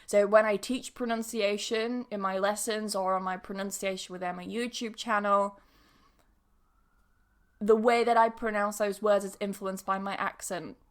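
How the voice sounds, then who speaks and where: Hosting her own podcast, a pronunciation teacher talks through a casual monologue with laughter and side comments. She has a mid-range voice, fairly even intonation, and a moderate pace.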